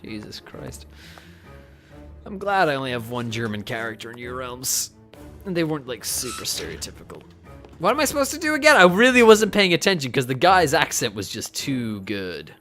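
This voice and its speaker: A woman with an unusually deep voice that still rises and falls a lot. She is tipsy and rambles through a game stream, cursing casually as she talks to herself. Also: big pitch swings, moderate pace, fairly bright tone, soft background music. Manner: tipsy, swearing, talking to herself. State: drunk.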